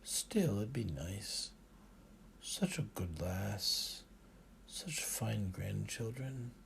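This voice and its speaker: Older father, voiced by a man, soft-spoken, low, gravelly. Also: lively intonation, drawn-out words, a little hiss or hum, full character voice. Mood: wistful. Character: older Scottish father, gruff but tender.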